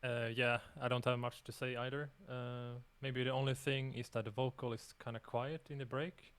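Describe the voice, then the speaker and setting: Soft-spoken man with a flat, smooth voice. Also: mid-range voice, moderate pace. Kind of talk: casual livestream chat.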